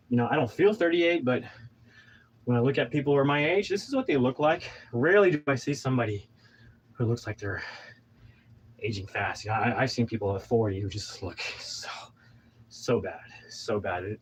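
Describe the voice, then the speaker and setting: Out of breath after a workout, a man in his thirties vlogs a rambling, pumped-up motivational speech, preachy and full of restarts. His medium-pitched, slightly rough voice is animated at a moderate pace, on a low-quality recording.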